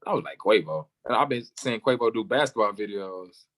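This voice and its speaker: A young man, a football player, telling his story in an interview and acting out the people he quotes, sometimes jumping way up in pitch for their lines. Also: a little fast, fairly bright tone. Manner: acts out quoted voices, jumping high for other people.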